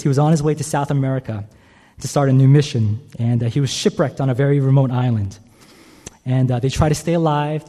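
A man delivers a sermon in a relaxed, conversational way, often checking in with the congregation. His voice is mellow and a little husky. A long reverb trails behind him, as in a large church sanctuary. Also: medium pitch. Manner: conversational, frequent "right?" checks with listeners. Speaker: pastor.

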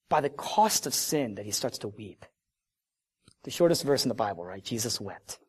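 A man preaching a sermon, animated, swinging between loud emphatic lines and low, quiet ones. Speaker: pastor.

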